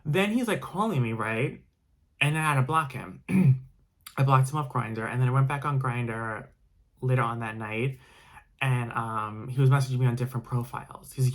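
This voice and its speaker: A man's voice: medium pitch, moderate pace. A man telling a personal story in a casual vlog, rambling with frequent restarts and fillers. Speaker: vlogger.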